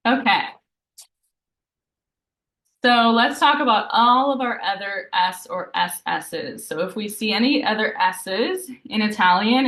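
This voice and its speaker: A woman teaching a live beginner Italian lesson, patiently explaining each rule and slowly repeating example words. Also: mid-range voice, a bit bright. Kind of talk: live online language lesson. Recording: roomy echo.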